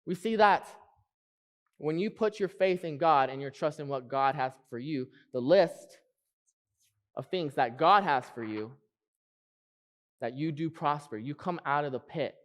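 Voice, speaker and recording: A man preaching a sermon in church, earnest, repeating key phrases and slowing down to stress them. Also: fairly high pitch.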